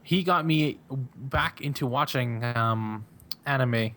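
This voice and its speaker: A man's voice: medium pitch, slow, pushed and bright. Young guy rambling on a podcast, lots of ums and likes, laughs a bunch. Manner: rambling, laughs often, many fillers. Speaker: podcast guest. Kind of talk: casual chat.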